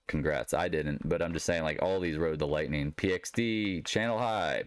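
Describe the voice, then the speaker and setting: Blunt, sarcastic deep-voiced man. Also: moderate pace, hardly any pauses, clean tone, dry recording. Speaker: market commentator. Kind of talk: solo market recap commentary.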